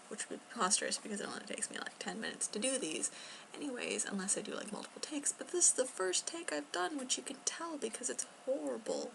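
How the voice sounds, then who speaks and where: A young woman chatting casually in a rambling vlog at home, talking quietly and filling gaps with ums and soft laughs. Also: fairly high pitch, expressive, a little fast, gravelly, noisy background. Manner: talking quietly, at times near a whisper. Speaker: vlogger. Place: home, indoors.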